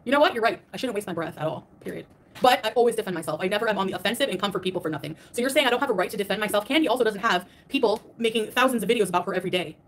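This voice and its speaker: A woman's voice: mid-range voice, animated, racing. A woman streamer ranting defensively on a livestream, emphatic and repetitive as she answers her critics. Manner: defensive and emphatic, repeats herself. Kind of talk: livestream rant.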